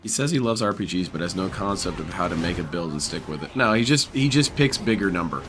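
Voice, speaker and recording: A man's voice: low voice, animated, fast talker, music in the background. A man casually commentating over a restreamed game, mocking the player in a sarcastic, profane way.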